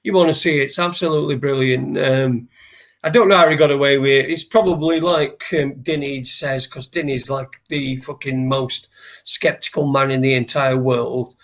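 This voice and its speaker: A man's voice: mid-range voice, fairly even intonation, moderate pace. A man hosting a casual live show, rambling and restarting his sentences and swearing freely. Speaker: host.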